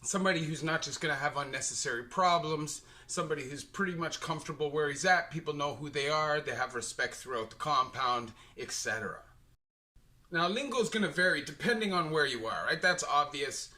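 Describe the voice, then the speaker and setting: Bright Canadian man vlogging casually. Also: a little high, lively intonation, a little fast. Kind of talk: casual explainer monologue.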